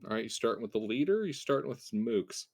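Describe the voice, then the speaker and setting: A man with a fairly low voice runs a tabletop game as its game master. He talks in an easygoing way, pausing on fillers and restarting his sentences. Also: gravelly. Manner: relaxed, with frequent fillers and restarts.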